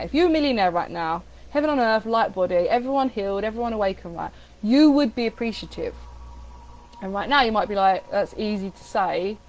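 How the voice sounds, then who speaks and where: A woman giving a casual coaching talk on affirmations, animated, repeating phrases with different inflection. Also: mid-range voice, slight background noise, low-quality recording. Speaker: spiritual coach.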